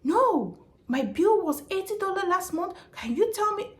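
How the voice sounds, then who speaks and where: A woman's voice: sing-song, unhurried, exaggerated voice. A woman putting on the voice of an angry male customer who complains about his bill and keeps interrupting. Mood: indignant. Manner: shrill, indignant, interrupting.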